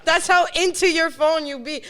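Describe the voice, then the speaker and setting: A young woman, co-hosting a podcast and telling blunt, animated stories full of swearing. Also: very high voice, normal speed, a crowd in the background. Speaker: podcast co-host. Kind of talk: casual chat.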